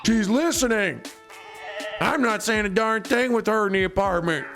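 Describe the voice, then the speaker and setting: A man voicing a paranoid husband who has locked himself in his room, loud and suspicious. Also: high voice, normal speed, vocal fry, faint music behind, pitched above the performer's own voice. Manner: shouting, suspicious.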